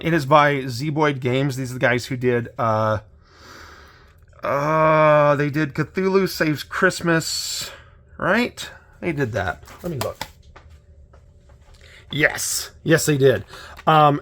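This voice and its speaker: A middle-aged man hosting a casual unboxing chat, his voice a little hoarse, talking in a rambling, hesitant way with many restarts. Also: fairly high pitch, a bit bright. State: slightly hoarse. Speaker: channel host.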